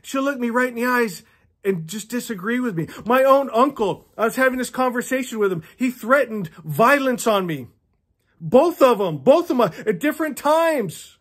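A man's voice: very high voice, animated, moderate pace, fairly bright tone. A man in his fifties reading a novel aloud on his channel and breaking off for impassioned, preachy asides, chuckling often. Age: 50s. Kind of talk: earnest read-along commentary.

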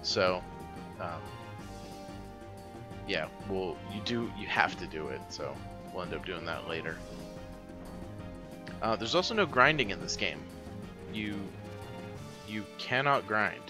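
Low-voiced man rambling over game music. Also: animated, slow pace, long pauses. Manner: rambling, filler-heavy explaining. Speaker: let's player. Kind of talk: casual gameplay commentary.

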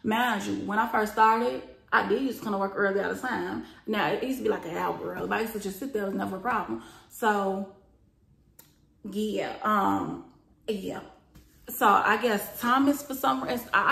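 Animated woman telling a storytime, echoey room. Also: medium pitch, normal speed, gravelly. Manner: animated, profane, acts out quoted lines with rising loudness. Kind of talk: storytime vlog.

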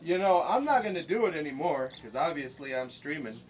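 Male streamer from the States, somewhat high and very animated pitch, unhurried delivery, jokey banter with viewers while crafting. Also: a little hiss or hum. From United States. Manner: chatty, jokey, laughs often, chats with viewers. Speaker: livestreamer making stone-look art. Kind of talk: casual livestream chat while crafting. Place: private outdoor workspace.

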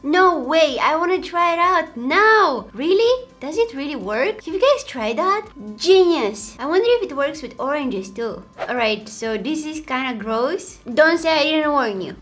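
A woman's voice: high-pitched, animated, measured pace, hardly any pauses, a bit bright, faint music behind. A woman hosting a casual reaction video, exclaiming and laughing as she comments on clips.

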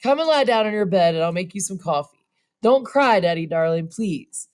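A woman's voice: mid-range voice, expressive, normal speed, close to an everyday voice. A woman doing a trembling, tearful young daughter. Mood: pleading. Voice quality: trembling, soft.

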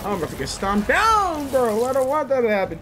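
A man doing gameplay commentary for a let's play, excitable, yelping and laughing, swearing freely. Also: very high voice, brisk, noisy background. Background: game music and fight sounds.

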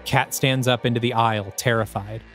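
A man's voice: mid-range voice, fairly even intonation, fairly quick, a bit bright, faint music behind. A man, the host of a podcast, reading his own screenplay aloud with dramatic, descriptive present-tense narration.

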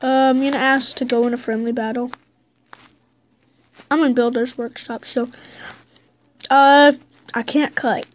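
High-voiced excitable young woman gamer. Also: measured pace, long pauses. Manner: excitable, bursts into high squeals and drops to mutters. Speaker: gameplay commentator. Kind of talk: casual gameplay commentary.

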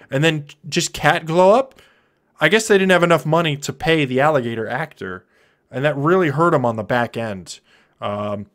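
A man in his thirties giving goofy, joking commentary on a live stream while playing a drawing game. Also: on the high side. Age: 30s. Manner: goofy, jokey, with sudden loud silly outbursts.

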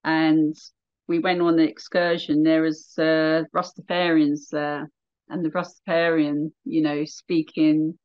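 A woman's voice: sits low, flat delivery, measured pace, dull audio. A middle-aged woman from near London with a Southern English accent, a radio DJ chatting and laughing as she tells stories. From England, near London. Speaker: radio DJ guest. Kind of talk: casual chat.

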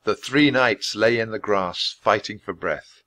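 A man reading a children's chapter book aloud at a clear, measured pace for English learners. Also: fairly low pitch, sharp tone. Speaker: storybook reader.

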